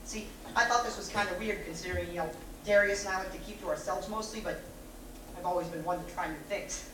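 A gleeful, joking cannibal convict, played by a woman who cackles at her own dark quips. The voice sits mid-range and is caught from far off on a stage. The recording is very echoey, with clear room noise behind it. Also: mid-range voice, fast, close to an everyday voice. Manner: wisecracking, cackles at own jokes. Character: joking cannibal death-row prisoner. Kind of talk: stage play acting.

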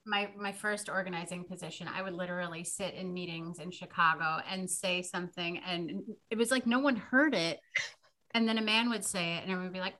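A woman in casual conversation about a movie, chatty and reflective, getting softer as she muses. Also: on the low side, steady tone, fairly quick.

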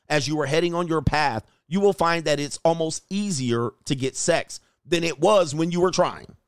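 A man's voice: fairly high pitch, no room sound, studio quality. A man coaching in a blunt, crude motivational monologue, with short phrases he repeats for emphasis. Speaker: dating and life coach.

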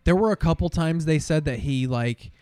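A man's voice: a little high, normal speed, darkish tone, no room sound. Casual viewer, a man, crude and opinionated, dry close sound. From Nicaragua. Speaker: viewer commenting on a TV broadcast. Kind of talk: casual chat.

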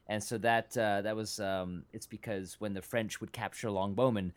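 Smooth-voiced man musing on a podcast. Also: on the low side, steady tone. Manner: halting, many restarts and fillers, shares fun facts. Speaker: podcast co-host. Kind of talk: casual chat.

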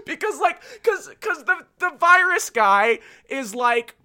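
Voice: very high-pitched, sing-song, slow, pushed and bright. A podcast host rambling through a casual, profane film review, laughing often.

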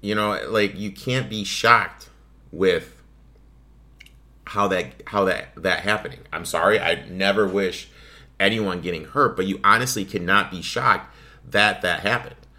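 A man's voice: deep voice, a little slow, bright, forceful tone. A man hosting his own sports betting podcast, talking casually and ranting with plenty of swearing. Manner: profane, ranting, offhand. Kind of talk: casual solo podcast monologue.

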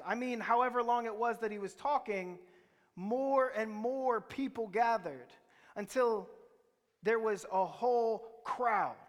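High-voiced preacher in a reverberant hall. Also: male voice. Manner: conversational storytelling, quizzing the congregation. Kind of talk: sermon.

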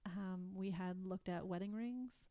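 A woman from Canada, a guest in a conversation, telling a personal story in a halting, emotional way with many restarts. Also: mid-range voice, warm tone, no room sound.

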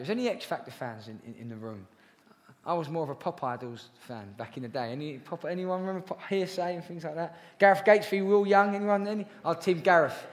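High-voiced preacher in echoing hall. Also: male voice. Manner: earnest, chatty, with jokey asides to the congregation. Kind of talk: sermon. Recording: long reverb of a large hall.

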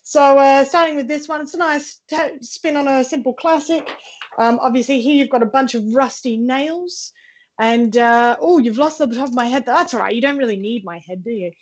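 Young woman comic guest, higher voice, rambling self-mocking chat over a home video call. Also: moderate pace, a little mellow, husky. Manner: chatty, self-mocking, with lots of fillers and restarts. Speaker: comedian guest. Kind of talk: comic show-and-tell on a live stream. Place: her front room at home.

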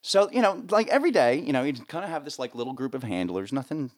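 A middle-aged man from the States chats as an interview guest, telling long stories about backstage work. He rambles and leans on fillers, and his voice sits in a plain middle pitch. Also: fast talker. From United States. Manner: rambling, lots of fillers, animated voices when quoting. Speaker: guest, live sound rigger. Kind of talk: casual storytelling interview.

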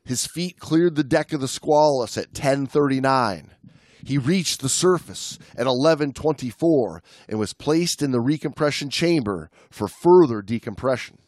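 Pria pembawa podcast bersuara kering. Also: male voice, mid-range voice, normal speed, no echo, clean studio sound. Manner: relaxed, with many fillers and restarts. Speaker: podcast co-host. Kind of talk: casual chat and read history narration.

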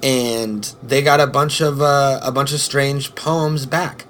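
A man's voice: medium pitch, fairly even intonation, slow, a bit bright, slight background noise. A man hosting a podcast, talking loosely with swearing and self-mocking asides into a podcast microphone. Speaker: podcast host. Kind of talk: casual solo podcast intro. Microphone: studio podcast microphone.

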